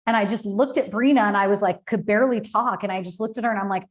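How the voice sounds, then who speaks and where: A woman's voice: medium pitch, fast, hardly any pauses. Candid woman telling her story. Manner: candid, emotional storytelling with many fillers. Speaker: podcast guest, business founder. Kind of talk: personal story in an interview.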